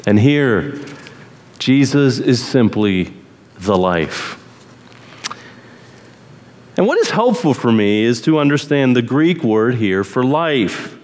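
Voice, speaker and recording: A pastor giving a sermon with deliberate, emphatic phrasing. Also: male voice, medium pitch, very animated, darkish tone. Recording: long hall reverb.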